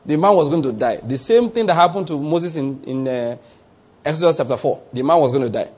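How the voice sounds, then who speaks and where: A man's voice: fairly high pitch, lively intonation, brisk, darkish tone, slightly rough. A man preaching a sermon, posing rhetorical questions to his congregation. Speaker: pastor.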